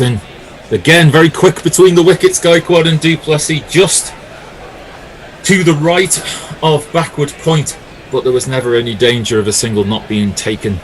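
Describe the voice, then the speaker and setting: A man's voice: medium pitch, a little hiss or hum. Man calling ball-by-ball cricket commentary. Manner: lively, jokey banter between calls. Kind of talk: live sports commentary.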